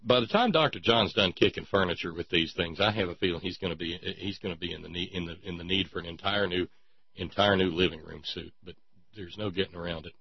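A man's voice: low voice, fast, gravelly, husky, no room sound, muffled recording. A man hosting a satirical talk show, delivering a mock-preacher monologue in a folksy, sarcastic drawl.

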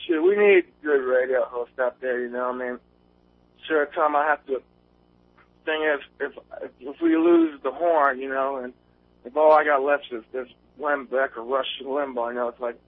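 A man's voice: medium pitch, sing-song, moderate pace. A man calling in to a radio show from outdoors on a windy day, nervous and rambling, with many fillers and restarts. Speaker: caller. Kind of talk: nervous call-in chat. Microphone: phone line. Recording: tinny phone line.

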